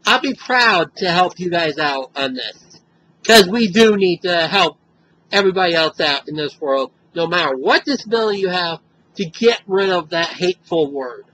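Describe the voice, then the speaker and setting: A man's voice: high-pitched, lively intonation, moderate pace, pushed and bright, a little hiss or hum, rough recording. A man speaking straight to camera in an upset, angry advocacy monologue, emphatic and repetitive. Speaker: video blogger.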